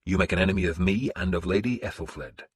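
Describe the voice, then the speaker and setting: A man voicing a hardened, blunt warlord who gives gruff commands. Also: low voice, fast talker, no echo, clean studio sound. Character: hardened middle-aged male warlord, blunt. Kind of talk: audiobook character voice.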